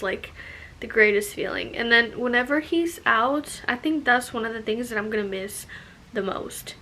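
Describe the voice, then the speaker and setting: A young woman talks through a casual vlog update in a slightly high voice, padding her sentences with "like" and "you know". She sounds a little out of breath as she goes. A faint background hiss sits under the recording. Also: bright, forceful tone. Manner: chatty, lots of "like" and "you know". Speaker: vlogger.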